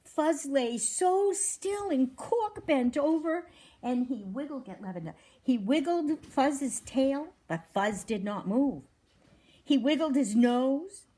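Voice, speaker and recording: A woman's voice: high-pitched, slow pace. A woman from a wildlife rescue reading a children's story aloud and asking the audience questions. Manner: animated, asks the audience questions.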